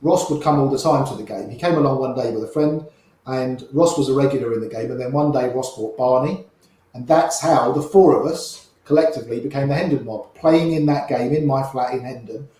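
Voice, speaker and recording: An older man, a poker player, telling old stories in an animated way and quoting people in quick little voices. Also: medium pitch. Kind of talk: anecdotal storytelling. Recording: very echoey room.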